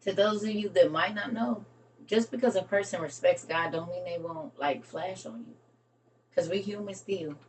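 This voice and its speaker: An excitable woman chats with her live stream audience and calls them y'all. Her voice sits at an ordinary middle pitch. It sounds a little distant from the mic. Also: normal speed, a little hiss or hum. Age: adult with a young son. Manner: excitable, laughing, talks to viewers as y'all. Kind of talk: casual live stream chat.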